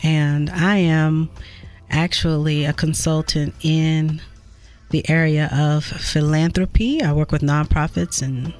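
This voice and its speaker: A talk show guest speaking firmly and deliberately about Christian faith and giving. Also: mid-range voice, steady tone. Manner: slow, deliberate, firm about beliefs.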